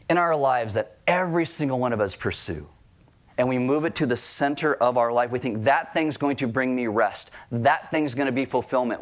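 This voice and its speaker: A married man preaching a sermon to a church congregation, talking casually, asking the crowd questions and joking lightly. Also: mid-range voice. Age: adult, married. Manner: conversational, asks the crowd questions and jokes lightly. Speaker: pastor. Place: church service before a congregation.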